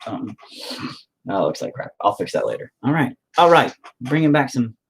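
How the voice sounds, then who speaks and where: A man's voice: mid-range voice, sing-song, moderate pace, slightly rough, low-quality recording. A man talking casually to his viewers while he paints, cursing constantly and mocking himself as he rants. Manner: profane, ranting, self-mocking. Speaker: painting vlogger.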